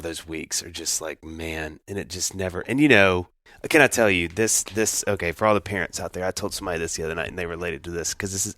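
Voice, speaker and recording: A man co-hosting a podcast, telling stories in a casual chat with an animated delivery and lots of restarts. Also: low voice, no room sound, studio quality. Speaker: podcast co-host.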